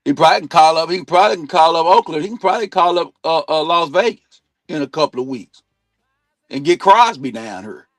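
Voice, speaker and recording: A man hosting a sports talk stream, ranting bluntly and swearing a lot, jumping between loud outbursts and low mutters. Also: lively intonation, brisk, no room sound, faint music behind. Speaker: sports talk show host. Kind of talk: profane sports opinion rant. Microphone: streaming mic.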